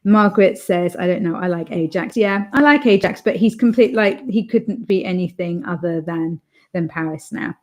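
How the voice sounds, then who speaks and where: A woman's voice: fairly low pitch, moderate pace, darkish tone. Chatty woman hosting a writing stream. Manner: chatty, rambling with fillers and restarts. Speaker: author livestream host. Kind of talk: casual chat reading live comments.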